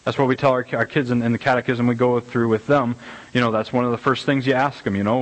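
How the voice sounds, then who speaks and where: A middle-aged man preaching a casual, conversational sermon as pastor, animated and rambling, with many restarts and repeated words. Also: mid-range voice, fast, poor audio. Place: church sanctuary.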